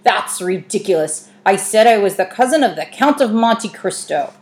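A woman's voice: medium pitch, expressive, normal speed, darkish tone, lightly acted. A woman voicing a swaggering male cat who plays at being a pirate, speaking in old-fashioned pirate talk. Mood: indignant.

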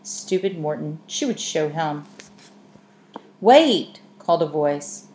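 Woman, low, mellow, measured storybook narration, echoey room, faint hiss. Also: steady tone. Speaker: audiobook narrator. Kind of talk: scripted narration.

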